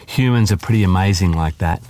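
A man voicing a middle-aged father who reasons calmly with his daughter, then turns belligerent and shaken. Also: low voice, a little fast, close to an everyday voice. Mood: reasoning. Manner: patient, then belligerent and pleading.

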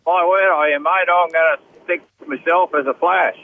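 An Australian man calling in to a radio show, chatting in a relaxed, laconic, matey way. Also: fairly high pitch, normal speed, vocal fry, phone-quality sound. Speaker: caller. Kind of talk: casual phone-in chat.

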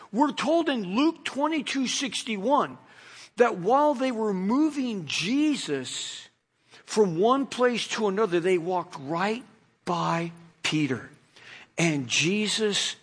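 A man's voice: high-pitched, expressive, takes it slowly, slightly rough. A male pastor preaching, telling the story with energy and asking his listeners rhetorical questions. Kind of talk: sermon.

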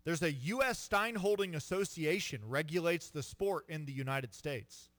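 A male co-host on a sports talk radio show, reading strange facts off his screen with deadpan delivery. His voice sits slightly high and sounds bright. The recording is dry and close to the mic. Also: moderate pace, no echo. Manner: deadpan, reads odd facts aloud, stumbles over foreign words. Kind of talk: casual sports radio banter.

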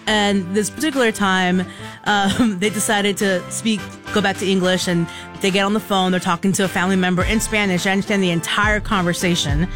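A radio co-host telling lively, chatty stories on air, often laughing. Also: mid-range voice, brisk, music in the background. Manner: animated, chatty, laughing storyteller. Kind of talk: casual storytelling on air. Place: radio studio.

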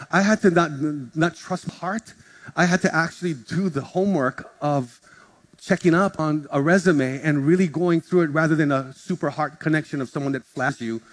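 A man, a pastor, preaching a sermon and telling a story, acting out each person's voice. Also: a little high. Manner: animated, acts out conversations in shifting voices.

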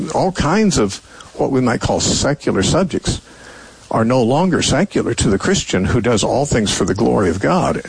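A man's voice: mid-range voice, vocal fry, slightly rough, no room sound, poor audio. An older man hosting a call-in radio Bible show, answering callers with thoughtful, rambling explanations full of fillers and restarts.

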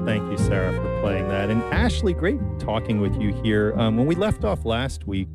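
A man hosting a conversational talk program, speaking in a relaxed, unhurried way with frequent ums and uhs. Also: on the low side, over loud music. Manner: relaxed, hesitant with many fillers. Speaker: host. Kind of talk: casual radio talk.

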